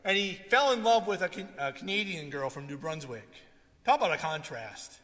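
A male pastor with a fairly high voice preaches a sermon at normal speed, the sound carrying a long hall reverb. He tells stories in an animated way and acts out what people said.

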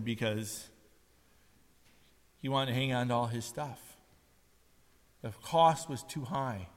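A man's voice: medium pitch, big-room sound. A man preaching a sermon in a conversational, storytelling way, acting out the quotes he tells. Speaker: pastor.

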